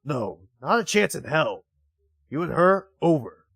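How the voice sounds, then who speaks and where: A man's voice: a little high, big pitch swings, a little slow, creaky, fairly bright tone, husky, no room sound, exaggerated voice. A man voicing a furious, aggressive frilled dinosaur teen boy who threatens and swears. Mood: angry.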